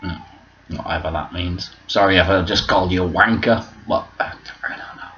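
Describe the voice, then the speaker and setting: A man's voice: low voice, fairly even intonation, normal speed, fairly bright tone, lo-fi sound, slight background noise. A man rambling through a sweary vlog monologue and losing his train of thought. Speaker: vlogger.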